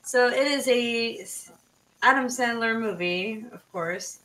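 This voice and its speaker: A woman's voice: a little high, slow pace, sharp tone, distant mic, rough recording. A woman co-hosting a casual movie podcast, chatty, trailing off and using lots of fillers. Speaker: podcast co-host.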